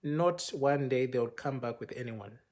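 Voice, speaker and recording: A man's voice: medium pitch, normal speed, darkish tone. A man, a pastor, telling a personal story on a livestream, acting out the quoted exchanges with animation. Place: home, speaking to a phone for a live video. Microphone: phone microphone.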